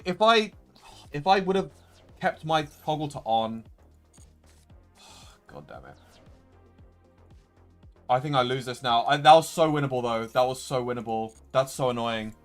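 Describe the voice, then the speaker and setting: A young man with a mid-range, fairly bright voice streams a card game live. In his gameplay commentary he talks through a loss with frustration, repeating himself.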